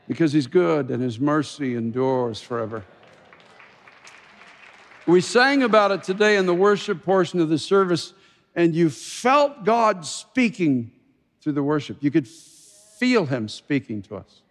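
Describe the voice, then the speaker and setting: A male pastor preaching a sermon with passion, swinging from loud exclamations to hushed pleading, in a church sanctuary. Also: a little high, sing-song, unhurried, pauses often. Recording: long hall reverb.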